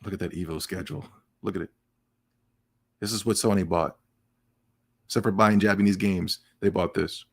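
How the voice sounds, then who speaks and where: A man's voice: deep voice, steady tone, moderate pace, creaky, long pauses, husky. Sarcastic ranting male podcast host. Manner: laughs between remarks. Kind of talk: casual gaming news commentary.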